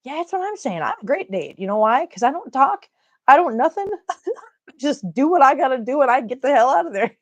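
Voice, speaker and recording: A woman's voice: sits high, big pitch swings, a little fast. A middle-aged woman with an Upper Midwest American accent, chatting casually on a live stream, laughing often and reading viewer comments aloud.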